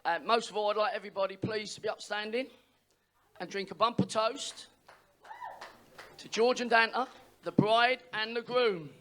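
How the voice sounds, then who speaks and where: A middle-aged man, the father of the groom, giving a wedding speech, emotional and pausing to sigh. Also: sits high, fairly even intonation, sharp tone. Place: wedding reception hall.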